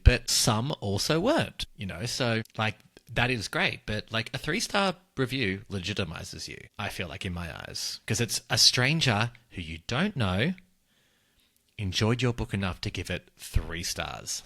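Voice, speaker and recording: Animated man gossiping, bright lively voice. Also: fairly low pitch, dry recording. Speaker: podcast co-host, author. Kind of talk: casual chat.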